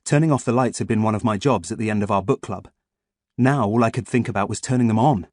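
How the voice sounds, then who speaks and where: A man reading an audiobook as first-person scripted narration, in a lively, expressive way. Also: on the low side, fast, dry recording, studio quality.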